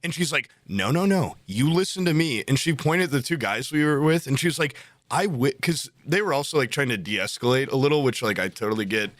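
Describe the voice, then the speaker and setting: A man's voice: mid-range voice, fast, a bit bright, no echo, studio quality. A man in his twenties telling a long, rambling story on a casual podcast, full of fillers and acted-out quotes. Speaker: podcast co-host.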